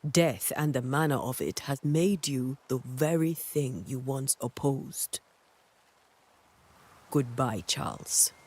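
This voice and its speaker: An actor voicing a stern, resolute ghost hunter who speaks in a grave, measured way. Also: male voice, medium pitch, breathy edge. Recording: game audio with music.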